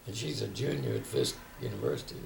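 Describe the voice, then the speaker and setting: A man's voice: lowish voice, huge pitch swings, fast talker, creaky, a little mellow, recorded from a distance. An older man telling stories in a reflective oral history interview, often quoting others. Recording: echoey room, faint background noise.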